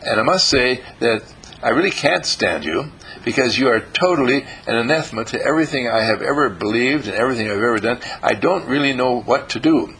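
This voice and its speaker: A man's voice: mid-range voice, expressive, brisk, fairly bright tone, husky, low-quality recording. A man voicing a sour, grumpy old woman who makes blunt, grudging complaints.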